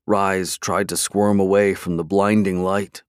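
A man narrates a story in a measured, dramatic way, his voice on the lower side. The recording is dry and close, with no room sound. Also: flat delivery, smooth, no room sound. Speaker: audiobook narrator. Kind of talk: scripted narration.

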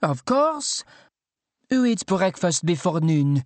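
A man's voice: high-pitched, sing-song, no room sound, voice pushed up, heavily acted. A man voicing a middle-aged mother in an audiobook, lilting and dismissive as she nags her son. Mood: scolding. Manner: brisk, dismissive, motherly nagging. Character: fussy French mother, middle-aged, scolding. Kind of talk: audiobook character voice.

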